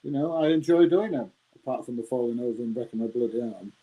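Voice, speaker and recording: A man's voice: medium pitch, fast, dark tone, rough recording. Chatty man in his sixties. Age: 60s. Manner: rambling, chatty, laughs often, says mate. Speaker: YouTuber answering live chat. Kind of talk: casual live-stream chat.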